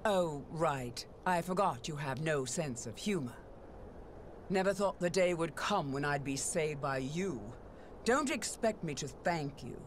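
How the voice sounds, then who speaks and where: A woman's voice: low voice, animated, measured pace, background noise. An actress playing a proud, cold swordswoman in a video game cutscene, speaking in a cool, mocking way. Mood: cool taunting. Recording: game cutscene over loud music.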